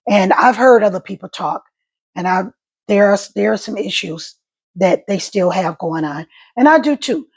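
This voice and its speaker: A middle-aged woman talking casually to camera about life after a stroke, in halting speech that repeats words, her voice catching and crackling. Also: medium pitch, vocal fry, husky. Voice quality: voice catches and crackles when emotional. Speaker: stroke survivor vlogger.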